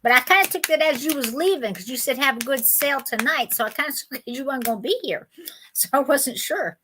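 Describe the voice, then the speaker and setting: A woman's voice: high voice, fast, fairly bright tone, slight background noise. A woman with a Southern US accent hosting a live vintage sale stream, chatty and folksy and laughing often. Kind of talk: casual live-stream chat.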